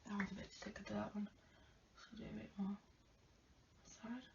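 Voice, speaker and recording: A woman chatting casually to viewers during a makeup tutorial, often dropping to soft murmurs. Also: medium pitch, flat delivery, normal speed, vocal fry. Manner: chatty, talks to viewers while applying makeup, drops to murmurs. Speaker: makeup vlogger. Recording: distant lo-fi home recording with faint hiss.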